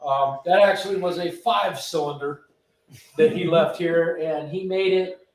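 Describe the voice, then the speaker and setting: A man's voice: fairly high pitch, a little slow, a little hiss or hum. A man hosting a live stream from his car restoration garage, joking and answering viewer questions in casual chat. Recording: roomy echo from a distance.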